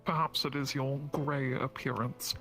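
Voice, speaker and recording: A man's voice: mid-range voice, flat delivery, measured pace, sharp tone, faint music behind. A man playing a formal male companion who needles with dry, patronizing teasing. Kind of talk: voice role-play in a virtual world.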